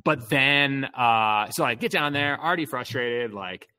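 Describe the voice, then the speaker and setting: A man's voice: mid-range voice, animated, measured pace, sharp tone, smooth. Male storyteller, casual chat, rambling, heavy on fillers, swears a lot.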